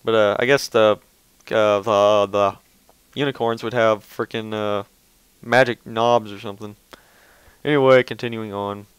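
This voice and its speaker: A man's voice: fairly low pitch, steady tone, a little slow, clean tone, dry recording, rough recording. A man reading fan fiction aloud, often stumbling over words and breaking off into casual, offhand asides. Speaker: reader.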